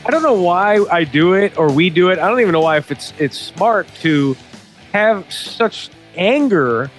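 A man's voice: high voice, lively intonation, unhurried, faint music behind. A male podcast co-host chatting casually and reading a sponsor ad in an easygoing, wry way. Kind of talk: casual chat and host-read ad.

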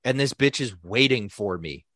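A young man tells a rambling, profane story on a podcast and acts out the people in it. His voice sits at a middle pitch. The sound is close and dry, with no room echo. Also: animated, moderate pace, a bit bright. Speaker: podcast co-host. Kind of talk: casual storytelling chat.

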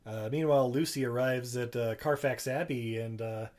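A man's voice: mid-range voice, moderate pace, a little mellow. A man co-hosting a podcast, recapping a movie in loose, rambling chat and swearing freely. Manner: rambling, laughing, profane. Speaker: podcast co-host.

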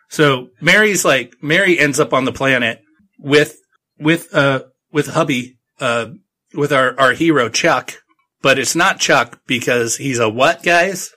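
Bright-voiced, rambling, irreverent man. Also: medium pitch. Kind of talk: casual book recap.

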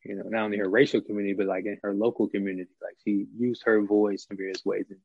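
A man's voice: fairly low pitch, level tone, fast talker, vocal fry, husky, no room sound, narrow, tinny audio. A middle-aged man talking through ideas in a casual conversation, with many fillers and restarts. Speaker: podcast guest.

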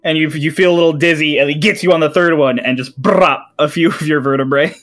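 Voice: mid-range voice, fairly even intonation, fast talker, fairly bright tone, faint music behind. A game master narrating a tabletop game in a loose, laughing way.

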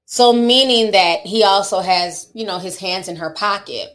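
A woman's voice: medium pitch, normal speed, fairly bright tone. A woman giving chatty, opinionated commentary on celebrity news, speaking straight to her viewers. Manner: chatty, opinionated, laughs and teases. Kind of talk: casual commentary.

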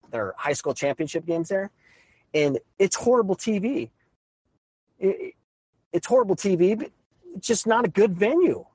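A middle-aged man, a high school soccer coach, talking through a frustrated, exasperated rant. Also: no echo, rough recording. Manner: exasperated, ranting. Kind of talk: frustrated monologue.

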